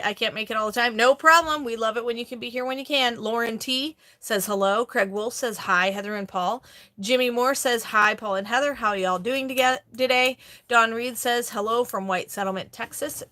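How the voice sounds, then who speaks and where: A middle-aged woman hosting a casual live stream, chatty and quick to laugh as she reads viewer comments aloud. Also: a little high, bright, forceful tone. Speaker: host, online reseller.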